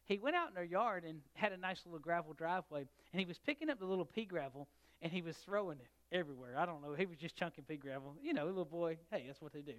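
Pastor telling a story. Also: male voice, a little high, fast talker, few pauses. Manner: storytelling, shifts between loud and soft. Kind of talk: sermon.

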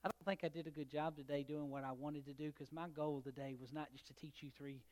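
A middle-aged man preaching a sermon, telling a story and swinging between loud and soft. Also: on the high side, flat delivery, quick pace. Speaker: pastor.

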